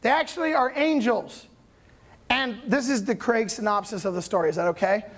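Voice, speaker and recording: A man preaching a sermon in a casual, conversational storytelling manner, with sudden loud bursts of emphasis. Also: high voice, moderate pace. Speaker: pastor.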